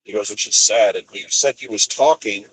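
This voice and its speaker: Driving solo, this expediter trucker talks at a normal speed in a lowish, fairly bright voice, with faint hiss or hum on a poor-quality recording made in the vehicle. His story wanders, full of restarts and recounted conversations.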